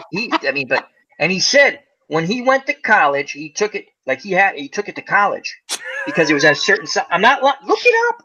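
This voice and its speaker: A man hosting a casual fireside chat, telling a long story in an animated way, acting out the voices of the people in it and laughing often. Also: sits high, breathy edge. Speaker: host. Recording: lo-fi muffled audio.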